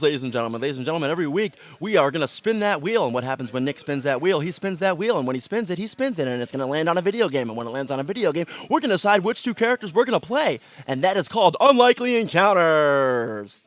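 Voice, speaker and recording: A man's voice: on the high side, very animated, fast talker, hardly any pauses. A man hosting a casual gaming podcast, playful and prone to hammy announcer bits. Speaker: podcast host. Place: gaming venue.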